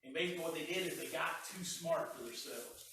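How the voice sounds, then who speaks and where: Folksy pastor in an echoey church. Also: male voice, on the high side, brisk, sharp tone, slight background noise. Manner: folksy, conversational, repeats words. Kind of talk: sermon. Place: church sanctuary. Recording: echoey church heard from a distance.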